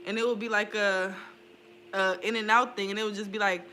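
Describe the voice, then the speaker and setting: Candid young woman with a bright voice. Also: mid-range voice, fairly quick, a little hiss or hum. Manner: candid and animated, swears freely, laughs often. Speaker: spiritual vlogger. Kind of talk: casual confessional chat.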